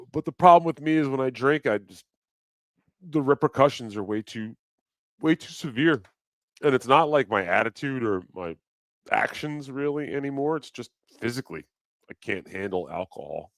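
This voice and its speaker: A man's voice: medium pitch, no echo. A man hosting a live stream, chatting casually in a rambling, profane, joking way. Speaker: livestream host. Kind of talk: casual livestream chat.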